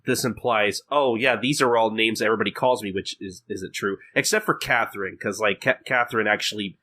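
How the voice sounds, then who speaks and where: Young male podcast guest, bright and forward tone, halting delivery full of restarts. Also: fairly low pitch. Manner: hesitant, repeats words and restarts often. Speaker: podcast guest, fan translator. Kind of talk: casual podcast chat.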